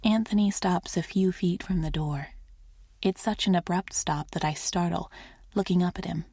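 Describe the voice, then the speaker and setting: A woman narrating a first-person romance audiobook in a soft, intimate reading. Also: on the low side, moderate pace, dry recording, clean studio sound.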